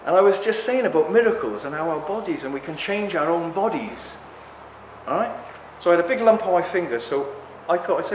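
An excitable middle-aged man speaks to a live audience in a slightly raised voice, ranting and slipping into other people's voices. The sound rings around an echoey indoor hall. A faint ambience hums underneath. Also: on the high side, a little fast, slight background noise. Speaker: speaker at a talk. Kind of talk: impassioned public talk to a live audience. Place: indoor talk venue.

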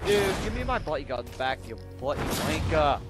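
A man's voice: fairly high pitch, big pitch swings, normal speed, over loud music. A man in casual game voice chat, whiny and demanding, repeating himself over and over through a headset.

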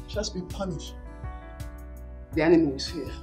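A woman's voice: low-pitched, a little fast, faint music behind, natural voice. An actress with a Nigerian accent playing a haughty, rich young woman who scolds her staff with demands. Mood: angry. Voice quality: scolding, demanding, rising to shouts. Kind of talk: Nollywood film acting.

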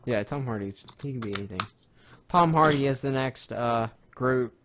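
A man's voice: medium pitch, moderate pace, noisy background. A young man co-hosting a casual podcast. He talks loosely and swears freely. His delivery is unpolished and conversational. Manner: loose, profane banter. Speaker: podcast co-host. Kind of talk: casual chat.

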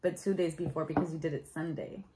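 A woman's voice: low voice, fast, heavy background noise. Chatty young woman vlogger. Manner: chatty, lots of "like" fillers, animated retelling. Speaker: vlogger telling her proposal story. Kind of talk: casual storytelling.

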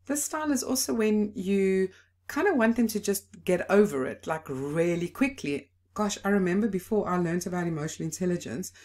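A middle-aged woman, an emotional intelligence educator, explaining parenting styles in a conversational way with fillers and restarts. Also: mid-range voice. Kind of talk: teaching talk to camera.

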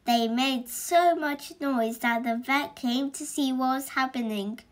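A woman reading a children's picture book aloud in a gentle, clear storytelling manner. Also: high-pitched, measured pace.

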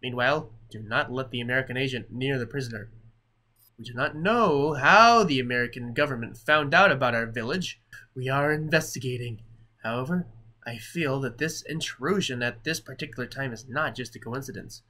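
Man voicing a bossy village chief, loud, bright, proclaiming orders. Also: medium pitch, normal speed. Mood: commanding. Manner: proclaiming, commanding. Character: stern male village chief issuing orders. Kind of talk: reading an in-game note aloud.

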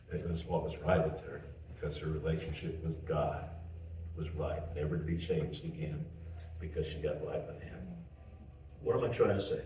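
A male pastor preaching a sermon in a folksy, animated storytelling way, chuckling and restarting as he goes. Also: low voice, brisk. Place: church. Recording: roomy church, mic at a distance.

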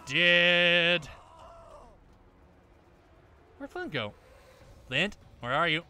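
A man commentating his own shooter gameplay, swearing often and breaking into loud shouts at enemies. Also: high voice, expressive, slow pace, a little hiss or hum. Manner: profane, bursts into yelling at enemies. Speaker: gameplay streamer. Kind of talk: let's-play commentary.

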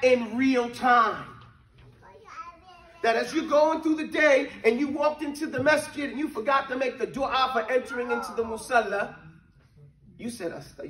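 A man's very high-pitched voice, with a fairly bright tone, leads an interactive religious class. He drills students by chanting verses and checks in with them, heard through a distant mic in an echoey room.

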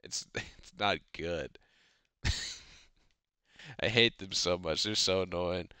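A man's voice: low-pitched, takes it slowly, pushed and bright, smooth, no room sound. A teenage boy hosting a casual podcast, telling a long, profane, rambling rant about school. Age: teens. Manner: rambling, profane ranting storytelling. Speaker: podcast host. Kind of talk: casual chat.

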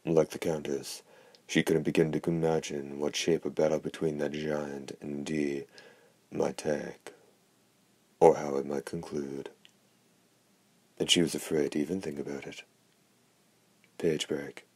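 A man narrating an audiobook in a steady, even reading voice. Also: very deep voice, measured pace, long pauses, no echo. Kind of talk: scripted narration.

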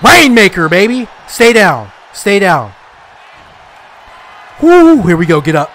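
Loud, excitable young man shouting at a game. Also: sits high, slow, slight background noise. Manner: excitable, frustrated, trash-talking, shouts at the game. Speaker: gaming YouTuber. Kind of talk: live gameplay commentary.

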